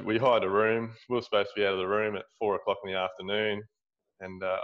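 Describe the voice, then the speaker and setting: A man's voice: fairly low pitch, a bit bright, lo-fi sound. A middle-aged Australian man, a builder, telling a story in a casual interview, rambling with many restarts. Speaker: guest, builder running seminars.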